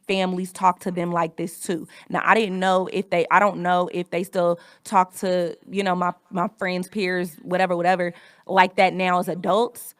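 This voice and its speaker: A woman in her thirties hosts a podcast, telling a personal story candidly and reflectively, swearing often. Her voice is on the low side, recorded with no room sound.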